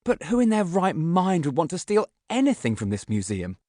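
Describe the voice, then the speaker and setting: Man putting on a high girl's voice, brisk, insistent, bossy, a bit smug. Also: huge pitch swings, darkish tone, no room sound, studio quality. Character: bossy clever young girl, a bit smug.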